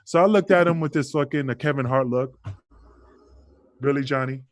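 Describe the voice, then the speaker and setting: A man's voice: on the high side, quick pace, no room sound. Profane, rambling New man. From Queensbridge, New York. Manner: profane, rambling, animated storyteller. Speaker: podcast guest, wrestler. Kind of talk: casual storytelling chat.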